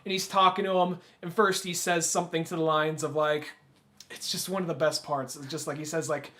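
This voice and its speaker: A man co-hosting a casual film podcast, retelling scenes with animated energy. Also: a little high, brisk. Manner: retells scenes animatedly, acting out quoted lines. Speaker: podcast co-host. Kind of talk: casual chat about films.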